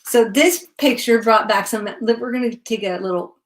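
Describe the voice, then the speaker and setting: A woman's voice: fairly high pitch, moderate pace. A middle-aged woman from Connecticut chatting casually and rambling through memories while she works on a craft journal during a livestream. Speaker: craft vlogger.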